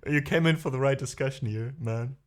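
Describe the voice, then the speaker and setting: A man's voice: mid-range voice, fairly quick. A young man hosting a livestream, chatting with viewers in a rambling, hesitant way with many fillers. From Germany. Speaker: livestream host. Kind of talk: casual chat with viewers. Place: home room.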